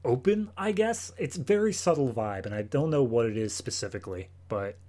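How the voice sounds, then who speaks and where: A man from the United States co-hosting a casual film review podcast in a relaxed, easygoing way. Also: medium pitch, moderate pace. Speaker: podcast co-host.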